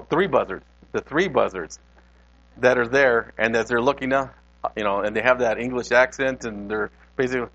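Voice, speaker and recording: A man's voice: medium pitch, fairly bright tone. A male pastor giving a conversational sermon in a church, talking directly to his congregation, in a dull lo-fi recording.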